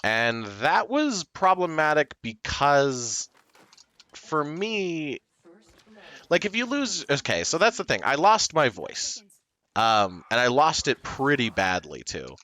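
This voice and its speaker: A man's voice: fairly high pitch, big pitch swings, slow pace, pushed and bright. A man chatting casually to his stream viewers, rambling and self-deprecating, with plenty of fillers, restarts and short laughs.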